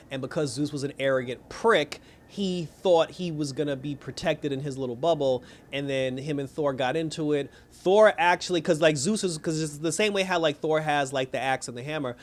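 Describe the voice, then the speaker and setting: A man with a somewhat high voice reviews a movie in a loose, slangy recap. He curses freely and slips into quick impressions of the characters. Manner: animated, slangy, profane, retells scenes with quoted voices. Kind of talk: casual plot recap.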